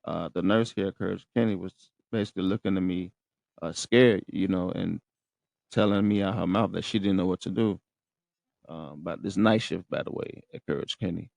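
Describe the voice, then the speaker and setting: A man's voice: sits low, gravelly, darkish tone, no echo. A man hosting a podcast, telling listeners a story in slangy, profane casual talk and often checking in with them. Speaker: podcast host. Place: room in a rehab center.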